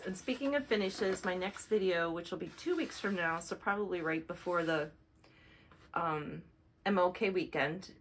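A flosstube host with a lowish voice chats in a rambling way through a casual show-and-tell video, correcting herself as she goes. The recording is rough.

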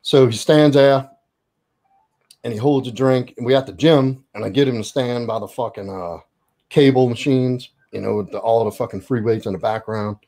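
A man telling a story in casual chat as a guest, profane and animated. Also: medium pitch, moderate pace.

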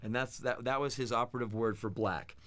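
A man's voice: mid-range voice, a little fast. Blunt American man telling stories. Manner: blunt, animated anecdotes, acts out quoted voices. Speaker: interviewee. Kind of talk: candid storytelling interview.

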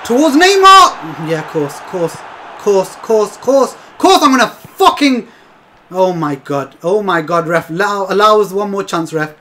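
Exasperated gaming commentator, lively pitch. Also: normal speed, a little hiss or hum. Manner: exasperated, swears a lot, talks to viewers as lads. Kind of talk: live gameplay commentary.

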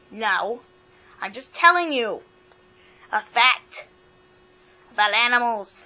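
Bright, bossy woman hosting a pretend show. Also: a little high, animated, slow pace. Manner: bossy, matter-of-fact. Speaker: host of a toy talk show. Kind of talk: playful pretend talk show. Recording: dull lo-fi with mains hum.

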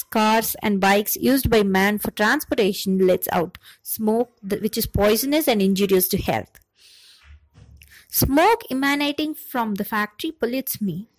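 A woman's voice: on the high side, no room sound, low-quality recording. A woman voicing the wind, which apologizes and explains itself in a storybook. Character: apologetic, helpless polluted wind.

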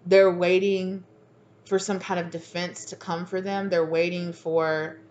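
A woman's voice: fairly low pitch, little pitch movement, unhurried, a little mellow, muffled recording. A woman giving a casual channeled tarot reading, sassy and slangy, laughing at herself. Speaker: tarot reader.

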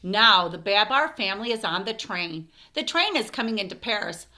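A woman reading a picture book aloud for children, expressive, with asides to her listeners. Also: mid-range voice, moderate pace. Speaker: storytime reader.

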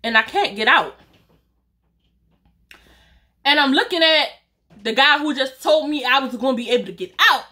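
A woman YouTuber telling a storytime vlog in an animated, chatty way, talking straight to her viewers and swearing casually. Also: high voice, normal speed, long pauses.

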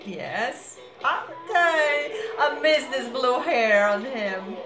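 A woman reacting to a video as a fan, gushing with excited exclamations and sounding sleepy. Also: sits high, extremely slow. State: sleepy, just woke up. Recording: roomy echo with show music playing. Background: music from the video being watched.

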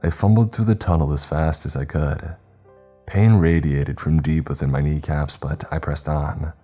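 A man narrating a horror story in a measured, tense way. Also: rumbling low, steady tone, dark tone. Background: faint background music.

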